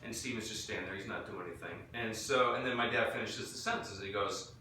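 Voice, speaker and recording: A man's voice: on the low side, fast talker. A man from Florida telling a profane story casually and acting out the voices of the people in it. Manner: profane, animated, acts out quotes. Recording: echoey room, distant mic, faint noise.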